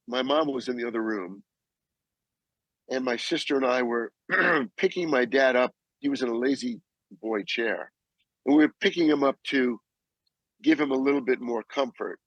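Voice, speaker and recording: A man in his sixties, a guest, slowly recounting a personal loss with halting pauses and restarts. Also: medium pitch, dry recording, dull audio. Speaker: guest, actor and author. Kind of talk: emotional personal storytelling.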